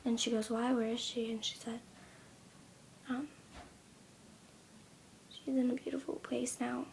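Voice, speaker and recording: A young woman in her teens retelling a story in a casual vlog, speaking softly and often near a whisper, with many ums. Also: fairly high pitch, flat delivery, a little slow, vocal fry, a little hiss or hum. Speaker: vlogger.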